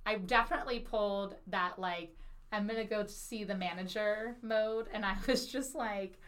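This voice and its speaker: A woman's voice: mid-range voice, normal speed. A young adult woman hosting a podcast, telling a comic story in casual chat, acting out what people said and laughing as she goes. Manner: animated anecdote-telling, acts out quotes, laughs mid-sentence, swears freely. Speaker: podcast host.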